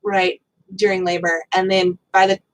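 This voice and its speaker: A woman who is a guest expert on birth, explaining things calmly and matter-of-factly in a casual talk. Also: on the low side, normal speed, poor audio. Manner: calm, explanatory, matter-of-fact.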